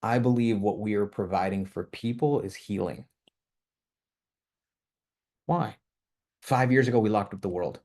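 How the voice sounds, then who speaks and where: Impassioned, rambling low-voiced man. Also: a little slow, pauses often, darkish tone. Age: young adult to middle-aged, with a toddler. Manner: rambling and impassioned, with frequent restarts and tag questions. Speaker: company leader giving a team training. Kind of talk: motivational training talk.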